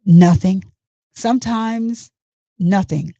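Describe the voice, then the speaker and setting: A woman's voice: mid-range voice, slow pace, dark tone, no echo. A woman reading as a hesitant male witness. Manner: plain, hesitant recounting. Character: male witness testifying in court. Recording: dull lo-fi, dry.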